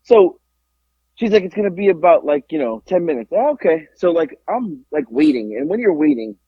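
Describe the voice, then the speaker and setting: A husky-voiced man tells a story on a casual podcast, acting out every part of the exchange. His pitch jumps around a lot as he plays each character. The sound is dry and a little dull. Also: moderate pace, dry recording. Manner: animated storyteller acting out both sides of a conversation. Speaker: podcast co-host.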